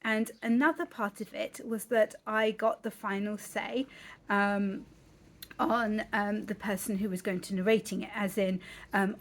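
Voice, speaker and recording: A British woman vlogging casually about her books, chatty and polite, with frequent ums and little self-corrections. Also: fairly high pitch. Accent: British English. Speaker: author vlogger. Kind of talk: casual talking-head vlog.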